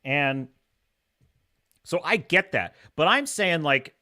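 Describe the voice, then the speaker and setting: A man's voice: fairly high pitch, expressive, takes it slowly, bright, forceful tone. A man hosting a casual livestream, talking animatedly, laughing often and reading chat comments aloud. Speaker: livestream host.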